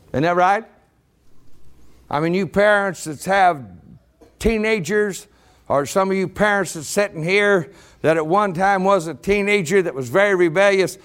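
A man preaching a sermon to a congregation, rising to shouted emphasis. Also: high voice. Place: church congregation.

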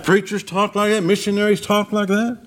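A man's voice: level tone, a little fast. A man preaching a sermon in a church, swinging his voice up and down for emphasis as he retells the scripture. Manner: preaching with dramatic rises and drops in pitch.

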